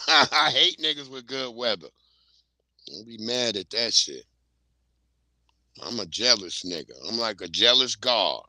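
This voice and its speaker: A man hosts a relaxed livestream, joking and cussing freely as he swaps stories. His voice is very bright, and the room around him sounds dry and close. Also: mid-range voice, takes it slowly, long pauses, no room sound. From Virginia. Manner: loose, joking, profane banter. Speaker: livestream host. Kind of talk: casual livestream chat.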